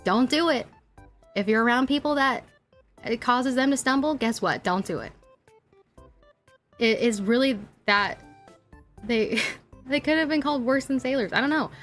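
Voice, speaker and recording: A young woman chats casually with her live-stream audience in a slightly high voice, ranting with animated energy at a moderate pace and pausing often. She laughs a lot and sprinkles likes and ums through her sentences while faint music plays underneath.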